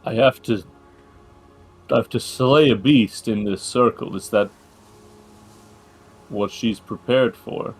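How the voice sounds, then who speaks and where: A man's voice: mid-range voice, slow pace, long pauses, breathy edge, soft background music. A man playing a tabletop game, talking casually and joking. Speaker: player.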